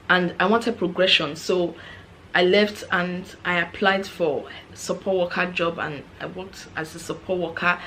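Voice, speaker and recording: A Nigerian woman vlogger telling a story in a frank, chatty, animated way. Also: mid-range voice, a little hiss or hum. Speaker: vlogger, former care assistant. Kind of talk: casual storytelling.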